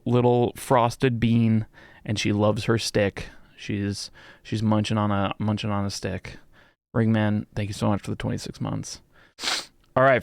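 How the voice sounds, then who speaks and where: A man's voice: lowish voice, creaky, no echo, studio quality. A young man live-streaming, chatting casually with viewers, swearing a lot and mock-scolding his pet.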